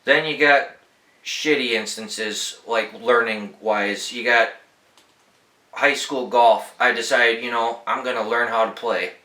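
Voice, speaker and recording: A man's voice: mid-range voice, steady tone, takes it slowly, bright, forceful tone, echoey room, rough recording. A young man hosting a podcast, telling laid-back, profanity-laced stories in a rambling, casual way. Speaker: podcast host. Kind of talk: casual storytelling.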